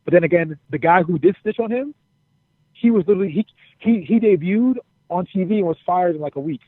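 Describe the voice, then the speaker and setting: Profane man telling animated stories. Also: high-pitched, fairly quick, no echo. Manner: profane, animated, repeats phrases. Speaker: interview guest, former wrestler. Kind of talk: casual storytelling. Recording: dry, phone-like narrow sound.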